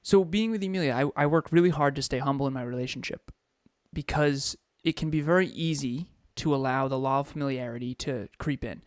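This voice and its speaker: A man co-hosting a podcast as a coach, speaking in a measured, deliberate way about personal growth. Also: mid-range voice, no room sound, clean studio sound. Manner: playful, laughing easily, then measured and deliberate when explaining. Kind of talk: casual podcast chat.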